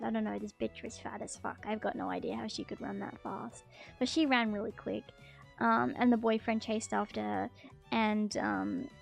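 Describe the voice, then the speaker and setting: A woman's voice: medium pitch, creaky. A woman telling a story to her stream in a casual, blunt way, swearing freely and filling her talk with ums and likes.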